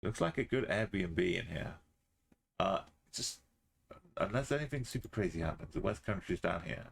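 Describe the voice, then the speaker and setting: A man's voice: deep voice, lively intonation, moderate pace, vocal fry, slightly rough. A man streaming a geography game, muttering and thinking aloud in casual commentary, sometimes humming to himself.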